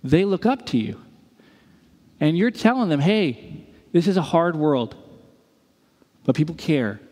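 In a reverberant hall, a pastor in his thirties preaches with a slightly high voice at a measured pace. He tells stories in an animated way, acting out the people in them with quoted voices.

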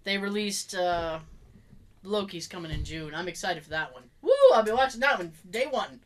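A woman from the Boston area, with a Boston accent and a voice on the low side, chats casually as a podcast co-host at normal speed, with a little hiss or hum. She tells a story, acting out quotes and often breaking into laughs.

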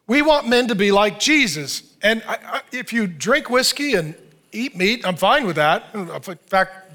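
A middle-aged man preaching a sermon in an animated, joking way. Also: high-pitched. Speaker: pastor.

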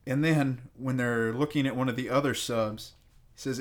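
A man with an ordinary, mid-pitched voice talks casually on a podcast. His delivery is dry and teasing. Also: fairly even intonation, moderate pace. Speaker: podcast co-host. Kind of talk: casual chat.

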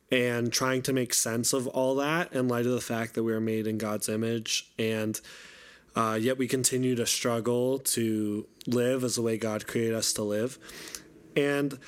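A man's voice: medium pitch, steady tone, a little slow, smooth. A man co-hosting a casual album review chat, talking earnestly and thinking aloud as he goes. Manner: earnest, thinks aloud with many "like" and "I mean" fillers. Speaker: podcast co-host and youth group teacher.

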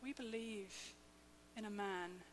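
Lady in her 30s giving a sermon, slow and emphatic, big reverby church, faint hum behind. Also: medium pitch. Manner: slow, measured and emphatic, with soft dips. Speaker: preacher.

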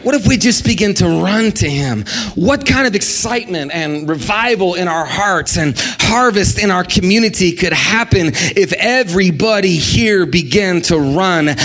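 A middle-aged man preaching an energetic sermon as a guest preacher, animated, acting out the people he quotes and calling on the congregation to respond. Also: high-pitched, unhurried, hardly any pauses.

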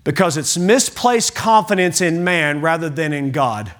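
A pastor's voice, on the high side, expressive, a bit bright and a little slow, fills a church sanctuary as he preaches to the congregation. His sermon is emphatic and repetitive, with questions aimed straight at his listeners.

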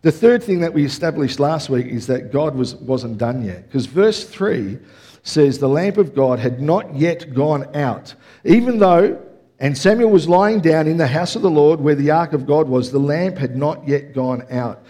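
A man's voice: on the high side, measured pace. A middle-aged man preaching a conversational sermon, often checking in with the congregation. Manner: energetic, conversational preaching with audience check-ins. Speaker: pastor.

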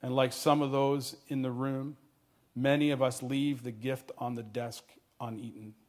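A man telling a story in a sermon, earnest, dropping his voice quietly at tender moments. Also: mid-range voice, flat delivery, a little slow.

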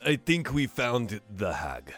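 A man's voice: mid-range voice, sing-song, slow pace, fairly bright tone, soft background music. A man playing a tabletop game, speaking in character in a theatrical, exclaiming way. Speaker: player.

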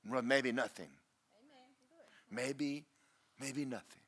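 Pastor, man, booming voice, bright and animated, joking at his own expense. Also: a little slow, long pauses. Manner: loud, booming preacher with self-deprecating humor. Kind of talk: sermon. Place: church.

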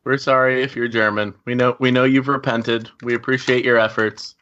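A man co-hosting a casual podcast, telling an animated, complaining story. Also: mid-range voice, moderate pace, highs cut off, a little hiss or hum. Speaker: podcast co-host.

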